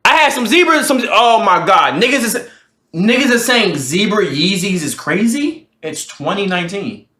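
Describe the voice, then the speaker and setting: A man's voice: sits high, animated, moderate pace, bright, forceful tone, echoey room. A man in his twenties, a streamer telling a profane storytime to his live chat and acting out both sides of an argument. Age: 20s.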